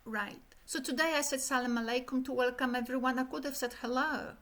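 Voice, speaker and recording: A middle-aged woman giving an animated academic keynote lecture, illustrating speech rhythm with sung syllables. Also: sits high, fairly quick. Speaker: keynote speaker.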